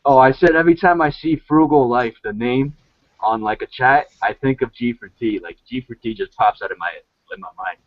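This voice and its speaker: A man's voice: mid-range voice, fairly quick, no room sound, lo-fi sound. A young man chatting casually in an online hangout, rambling and saying "like" a lot. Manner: rambling, frequent "like", laughs easily. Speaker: hangout participant. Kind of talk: casual group chat.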